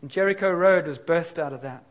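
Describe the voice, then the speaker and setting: A middle-aged man delivering a sermon in a frank, confessional tone. His voice sits a little higher than most men's, and he moves between relaxed conversation and sudden emphatic bursts. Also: a little fast. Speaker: pastor.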